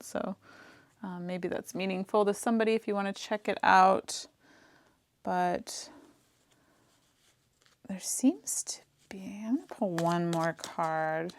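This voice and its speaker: Gravelly-voiced chatty woman tarot reader. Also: on the low side, steady tone, normal speed, dry recording. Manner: chatty, reassuring, filler-heavy. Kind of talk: pick-a-card tarot reading.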